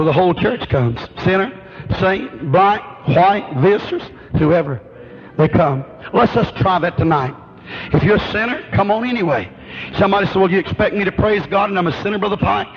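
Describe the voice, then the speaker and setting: A man preaching a sermon with an emphatic, rhythmic preaching cadence. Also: on the high side. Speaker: pastor. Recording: dull lo-fi recording.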